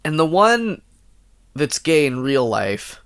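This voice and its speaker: A man's voice: a little high, takes it slowly, clear, resonant tone, no echo, studio quality. A man co-hosting a podcast on a headset mic, telling stories animatedly in casual chat and laughing often. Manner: animated storyteller, laughs a lot. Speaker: podcast co-host.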